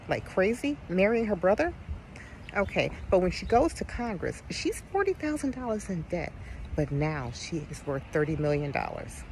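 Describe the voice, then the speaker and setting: Gravelly, animated man in a rant. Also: on the high side, a little hiss or hum, poor audio. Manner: emphatic, punchy, repeating words for effect. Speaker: political commentator. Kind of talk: fast spoken rant.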